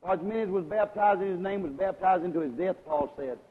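A man preaching a sermon, questioning his congregation and asking them to agree, his loudness swinging between strong and hushed. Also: sits high, fairly even intonation, fast, hardly any pauses. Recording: lo-fi recording with a long hall echo.

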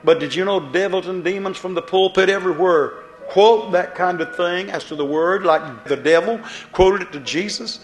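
Preacher man with a high ringing voice. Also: normal speed, few pauses, echoey room. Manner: pleading, rhetorical questions. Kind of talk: fiery sermon.

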